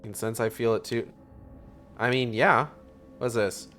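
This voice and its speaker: A man chats casually over a video game, sarcastic and quick to swear. His voice sits in an ordinary middle pitch. Faint music plays behind him. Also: steady tone, a bit bright. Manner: sarcastic, profane, reads game text aloud. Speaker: streamer. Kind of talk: casual gameplay commentary.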